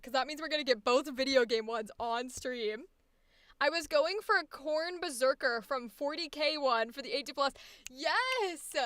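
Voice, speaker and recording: A woman teaching voice acting, gushing over her students in chatty, effusive livestream commentary. Her voice is high, bright and smooth, and sits dry and close to the mic. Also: no echo. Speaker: voice acting workshop instructor. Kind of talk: enthusiastic showcase commentary on a livestream.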